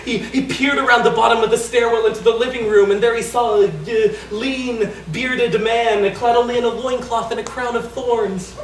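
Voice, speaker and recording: A man reading a comic short story aloud in a lively way with small stumbles, recorded from a distance in an echoey room. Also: sits high. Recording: echoey room, distant mic, faint noise.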